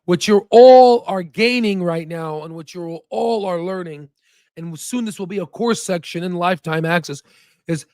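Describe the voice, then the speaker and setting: Man, high voice, channel host, emphatic commentary, repeats points, dry close sound. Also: moderate pace, warm tone, no room sound. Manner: emphatic, repeats points, asks the listeners for agreement. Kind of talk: commentary on an interview clip.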